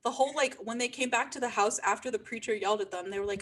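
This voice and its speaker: A woman's voice: on the high side, fast talker. A young woman co-hosting a podcast, chatting emphatically with many fillers. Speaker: podcast co-host. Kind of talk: casual chat.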